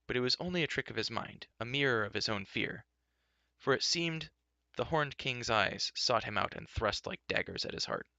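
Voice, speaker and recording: Bright-voiced man reading a fantasy storybook. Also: animated, moderate pace, creaky, no echo. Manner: shifts pitch and loudness for each character's lines. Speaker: audiobook reader. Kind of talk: storybook narration with character voices.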